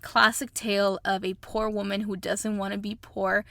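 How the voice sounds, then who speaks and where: Gravelly-voiced chatty woman podcast host. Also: medium pitch, little pitch movement, moderate pace, fairly bright tone, dry recording. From Mexico. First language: Spanish. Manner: chatty and effusive, says y'all. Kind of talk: casual solo podcast chat.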